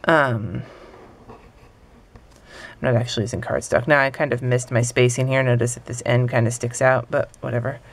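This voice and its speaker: A woman's voice: a bass voice, fairly even intonation, moderate pace, pauses often, slight background noise. A young adult woman teaching hand lettering in a casual, offhand, self-deprecating way while she draws. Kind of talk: casual tutorial talk while drawing.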